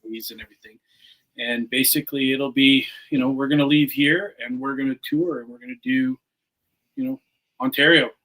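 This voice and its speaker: A man's voice: mid-range voice, sharp tone, rough recording. A man from Canada, a podcast guest chatting casually and stumbling over repeated words. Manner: friendly, halting, repeats words. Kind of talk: casual chat.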